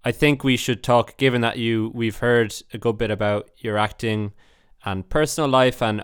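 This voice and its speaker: Smooth-voiced male podcast host. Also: fairly low pitch, dry recording, studio quality. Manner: hesitant, restarts questions. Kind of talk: interviewer asking questions.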